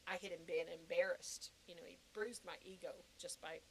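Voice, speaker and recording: An older woman telling a personal story in a podcast interview, animated and laughing often. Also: on the low side, moderate pace, poor audio. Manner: animated, laughing, acting out quoted reactions. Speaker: guest.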